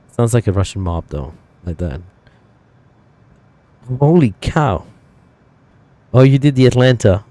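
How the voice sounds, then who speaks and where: A man chats casually with his stream audience, thinking aloud and correcting himself as he goes. His voice sits somewhat low, with a warm, mellow, unhurried sound. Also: no room sound. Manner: thinking aloud, rambling with fillers and self-corrections. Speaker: flight sim streamer. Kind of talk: casual live-stream chat.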